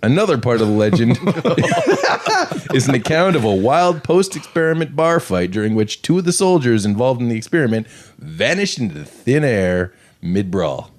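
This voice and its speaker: A man's voice: mid-range voice, wildly swooping pitch, moderate pace. A man co-hosting a podcast, reading notes aloud and breaking into jokes and giggles. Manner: giggly, reads script then riffs. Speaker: podcast co-host. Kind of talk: casual chat, reading out notes.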